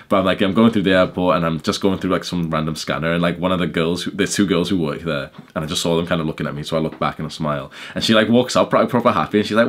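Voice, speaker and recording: A young man vlogging casually about his day, chatty and filled with "like" fillers and swearing. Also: rumbling low. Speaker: YouTuber. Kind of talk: casual vlog storytelling.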